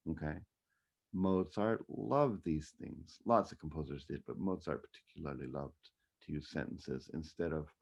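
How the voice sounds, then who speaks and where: A husky bass voice with vocal fry, a little mellow, carries this casual online music theory lecture, where the man hums and scats tunes to illustrate ideas. The audio is dull and lo-fi.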